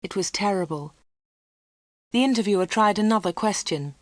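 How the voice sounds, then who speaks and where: Female narrator for a learner's storybook, steady clear reading, dry. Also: mid-range voice, moderate pace, pauses often, no room sound.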